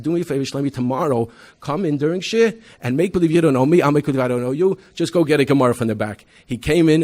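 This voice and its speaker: A man, a rabbi giving a convention talk, animated storytelling with frequent restarts and loudly acted-out quotes. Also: mid-range voice. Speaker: rabbi presenting an educational program. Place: convention hall.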